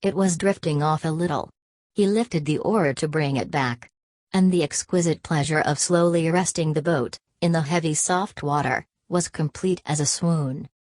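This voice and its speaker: Woman reading an old novel aloud, low voice, dry close sound. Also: normal speed, a little mellow, dry recording. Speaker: audiobook narrator. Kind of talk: scripted narration.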